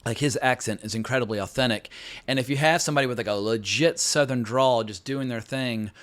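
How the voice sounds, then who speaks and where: A man's voice: medium pitch, brisk, fairly bright tone. A man giving a casual spoken film review, candid and chatty, with frequent fillers and restarts.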